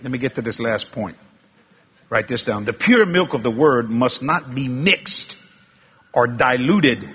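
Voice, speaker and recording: A man preaching a sermon, telling a story in a folksy way with y'all and ain't, swinging from loud exclaiming to low hushed tones. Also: husky, muffled recording. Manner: folksy Southern-style speech with y'all and ain't.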